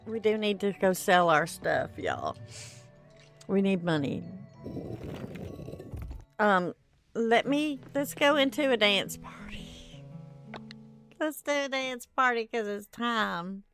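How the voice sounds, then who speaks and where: A woman's voice: medium pitch, animated, slow, long pauses, a bit bright, faint music behind. A woman chatting casually to her viewers while she plays a video game, tired and nursing a headache. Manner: chatty, talks to chat and to herself while playing. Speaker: let's play streamer. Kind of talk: casual gameplay commentary.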